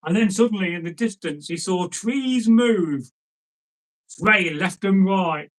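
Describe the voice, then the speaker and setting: A man's voice: high-pitched, takes it slowly, low-quality recording. A man telling an old folk tale in a casual, chatty way, often breaking off to make asides to the listener. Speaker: storyteller.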